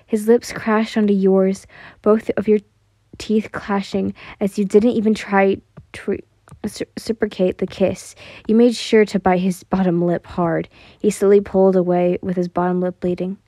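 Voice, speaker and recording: Soft-spoken woman reading a story. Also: medium pitch, no echo. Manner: soft, casual, stumbling over words. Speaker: fan fiction reader. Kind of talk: second-person story narration and casual chat.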